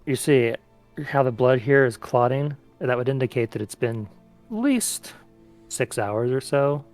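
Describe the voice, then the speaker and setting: Male player, measured and analytical. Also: medium pitch, faint music behind. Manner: calm, reasoning, in-character.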